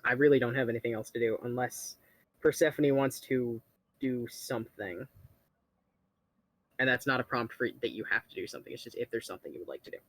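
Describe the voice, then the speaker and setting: A young man with a husky, slightly breathy voice runs a tabletop game, laid-back and dry, teasing his players now and then. His pitch sits in an ordinary middle range. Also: a little fast, a bit bright, no room sound. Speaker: game master. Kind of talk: narrating a tabletop game over voice chat.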